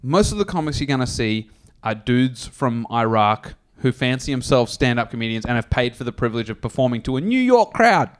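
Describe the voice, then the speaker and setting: A man's voice: medium pitch, big pitch swings, a little fast, smooth. A man, co-hosting a comedy podcast and telling rambling, profane stories in casual chat. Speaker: podcast co-host.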